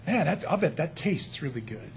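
A man voicing Eve as a tempted young woman, hushed and awed, in a raspy voice. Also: fairly high pitch, sing-song, normal speed, slight background noise.

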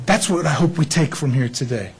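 A man preaching an Easter sermon in a lively way, acting out the people in the story. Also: fairly high pitch, a little fast, slight background noise, low-quality recording. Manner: animated, acts out bible figures. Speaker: pastor.

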